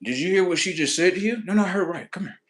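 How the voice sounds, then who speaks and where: Man, livestream host, crude comic storyteller, higher voice, very animated. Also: slight background noise. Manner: animated, rambling, crude, fast-talking. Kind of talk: profane comedic storytelling.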